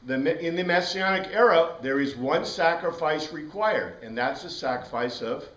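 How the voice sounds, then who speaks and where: Male Bible teacher, slightly high voice, animated and digressive, heard from a distance in an echoey classroom. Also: moderate pace. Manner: animated, digressive, spells out Greek words. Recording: roomy room, distant mic.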